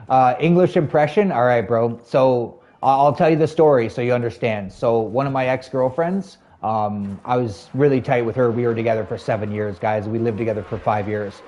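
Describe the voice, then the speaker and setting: A man's voice: mid-range voice, normal speed, a little mellow. A man in his thirties chatting casually to his stream viewers, rambling loosely with lots of "like" and "you know". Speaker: live streamer.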